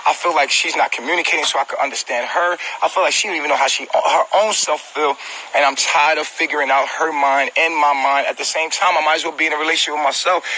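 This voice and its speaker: Man, upset and hurt, venting to livestream viewers from home on a phone; high, very bright and strained voice, repetitive and profane. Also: low-quality recording. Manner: agitated, repetitive, profane, talks directly to viewers. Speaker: vlogger on a live stream. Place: at home, indoors.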